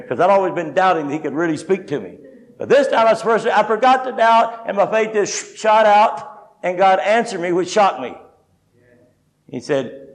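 Here an older man's high-pitched voice comes through a rough recording as he preaches. His sermon draws on personal testimony, recounting his life with folksy humor.

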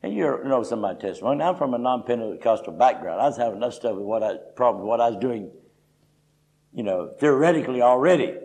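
A middle-aged man delivering a sermon in a relaxed, folksy manner. He speaks at a medium pitch, pushing hard on key points and tossing in "you know" as he goes. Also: fast talker, poor audio. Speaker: preacher. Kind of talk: conversational sermon.

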